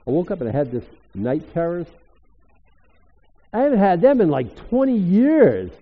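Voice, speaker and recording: An older man preaching a sermon as pastor, emphatic and animated, rising suddenly to loud exclamations. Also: sits high, normal speed. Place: church hall. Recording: echoey hall, tinny phone-like sound.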